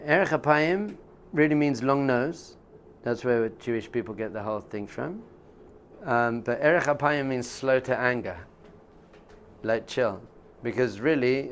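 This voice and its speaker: A man's voice: medium pitch, normal speed, a little hiss or hum. A man teaching as a rabbi in an informal class, conversational and jokey, often laughing and acting out quotes.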